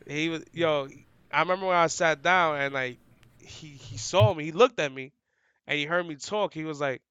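A man's voice: on the high side, moderate pace, smooth, no echo, highs cut off. A young adult man, an esports commentator, telling stories in a casual, slangy interview chat. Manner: animated and slangy, many "like" fillers; describes himself as loud and outgoing.

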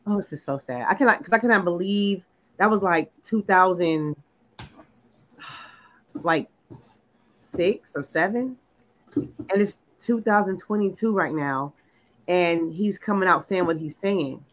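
A woman telling a personal story in casual chat, animated and full of "like", acting out what people said. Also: lowish voice, measured pace, pauses often, rough recording. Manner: animated storyteller, lots of "like", acts out quotes. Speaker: podcast co-host.

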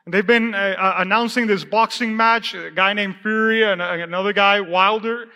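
A man preaching a sermon in a church, telling a personal testimony in a relaxed, conversational way that often repeats phrases. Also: high-pitched, normal speed, clear, resonant tone, in a large hall. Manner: conversational storytelling, laughs often, repeats himself. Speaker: pastor. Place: church sanctuary.

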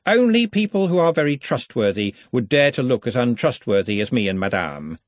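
A man's voice: medium pitch, big pitch swings, brisk, no echo, lightly acted. A man reading aloud, voicing a sly, hard-drinking man who makes sardonic wisecracks. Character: sly thirsty man, fashion hanger-on.

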